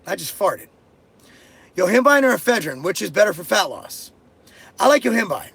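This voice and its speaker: A man's voice: sits high, expressive, normal speed, gravelly, long pauses, a bit bright, husky. A middle-aged man hosting a live stream, reading out viewer questions and answering them bluntly, joking crudely and swearing freely. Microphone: headphones and desk mic.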